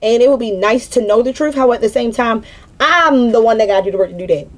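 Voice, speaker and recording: A young woman, a spiritual vlogger, vents in an unscripted spiritual monologue, blunt and profane, preaching with repeated emphatic phrases. Her voice is a little high and fast.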